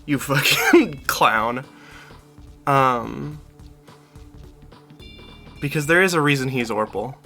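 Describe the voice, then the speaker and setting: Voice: medium pitch, takes it slowly, long pauses, sharp tone, faint music behind. A streamer chatting casually while playing a game with friends, rambling and self-interrupting. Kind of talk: casual gameplay stream chat.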